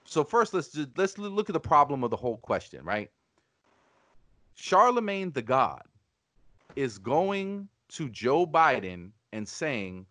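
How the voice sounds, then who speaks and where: A man's voice: on the high side, big pitch swings, measured pace, fairly bright tone, dry recording. A man hosting a podcast, arguing his point in an emphatic, profane, combative way. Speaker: podcast host. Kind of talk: casual podcast debate.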